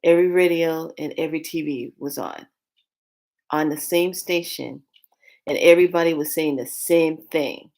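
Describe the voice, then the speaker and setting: A woman's voice: low voice, moderate pace, a little mellow. A woman telling a spiritual dream story in a casual, rambling way, often repeating and restarting her phrases with earnest emphasis. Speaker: spiritual vlogger.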